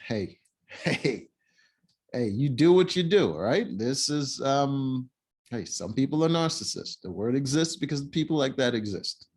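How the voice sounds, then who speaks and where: A man's voice: medium pitch, animated, a little slow, a little mellow, husky. Blunt, mocking male show reviewer. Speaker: reality TV reviewer. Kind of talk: casual opinionated commentary.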